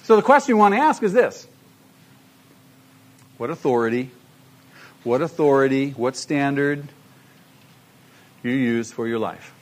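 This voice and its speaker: A man's voice: medium pitch, expressive, unhurried, long pauses. A middle-aged man preaching a sermon, emphatic and full of rhetorical questions to the congregation. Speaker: pastor.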